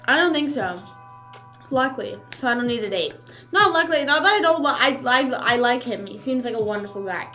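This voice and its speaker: A woman's voice: fairly high pitch, lively intonation, fairly quick, bright, forceful tone, soft background music. A young woman streamer in casual mukbang chat, rambling with lots of fillers and talking while she chews.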